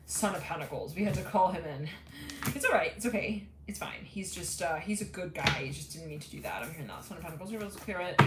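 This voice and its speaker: A woman's voice: lowish voice, expressive, fast, roomy sound, heavy background noise. A woman giving a live tarot reading, rambling and giggly as she relays what she is hearing. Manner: rambling, giggly, channeling messages. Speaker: tarot reader.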